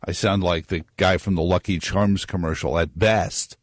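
Low-voiced joking male radio host. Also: steady tone, moderate pace, dry recording, studio quality. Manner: joking, digressive, conversational. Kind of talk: casual monologue on politics.

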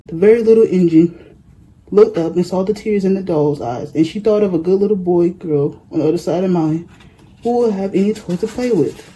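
A storyteller reading a children's picture book aloud, steady with small slips. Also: mid-range voice, brisk, breathy edge, rough recording.

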